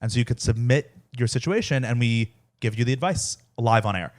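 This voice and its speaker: A man's voice: medium pitch, brisk, darkish tone. A young man co-hosting a casual podcast in an easygoing way, reading items aloud. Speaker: podcast co-host, son. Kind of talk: casual chat.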